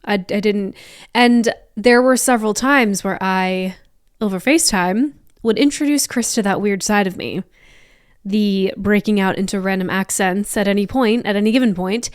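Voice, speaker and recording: A young woman with a light Southern US accent chats on her podcast in a loose, playful way, now and then drifting into put-on accents. Her voice is smooth and clean, at an ordinary pitch for a woman, and sits close and dry on the mic with no room sound. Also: normal speed, dry recording. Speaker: podcast host. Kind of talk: casual chat.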